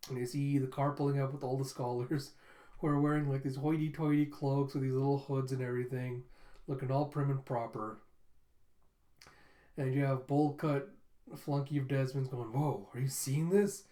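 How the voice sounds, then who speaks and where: A man's voice: mid-range voice, level tone, normal speed, mellow. A man casually recapping manga chapters in a chatty way. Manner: casual, chatty, laughs often. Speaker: manga reviewer. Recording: roomy echo.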